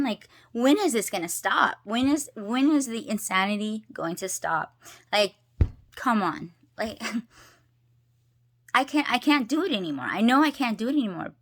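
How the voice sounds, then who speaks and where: A woman with a fairly high voice speaks in a rambling confessional monologue, stumbling through restarts and filler words. She sounds emotional and close to tears. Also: a bit bright. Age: adult, married. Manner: rambling, restarts, many "like"s, tearful laughs. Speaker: personal vlogger.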